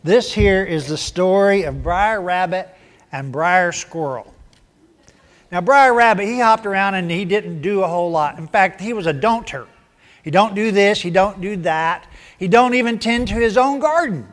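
A male pastor gives a sermon and tells a tale in a folksy, down-home manner. His voice is fairly high, and he shifts pitch a lot as he narrates.

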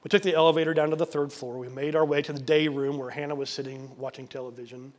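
A male pastor preaching a sermon, telling a story earnestly, sometimes dropping to a soft near-whisper and repeating words for emphasis. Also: a little high, fairly even intonation, fast talker.

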